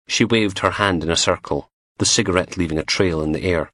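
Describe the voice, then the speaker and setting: A man narrating a crime audiobook in an expressive, vivid storytelling manner. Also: low-pitched, brisk, no echo, studio quality.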